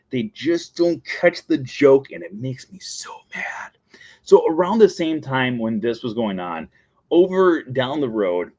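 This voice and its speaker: A man with a medium-pitched, slightly mellow voice hosts a daily show, talking casually and enthusiastically on his own. He walks through scenes and quotes the characters' lines.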